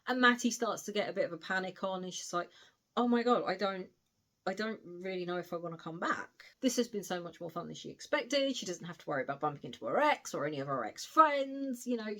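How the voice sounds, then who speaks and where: A woman's voice: medium pitch, fairly bright tone. A woman giving a casual spoken book review, recounting the plot in a chatty way with frequent asides.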